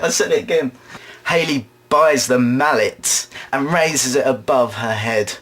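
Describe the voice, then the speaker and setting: With a medium-pitched voice, this male drama student rambles through an absurd comic monologue in deadpan fashion, now and then tossing in rapid impressions.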